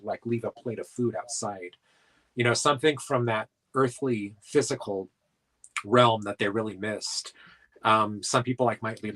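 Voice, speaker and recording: A man's voice: mid-range voice, fairly bright tone, low-quality recording. A man from South Dakota, a paranormal investigator being interviewed, talking in a rambling casual way with lots of filler words.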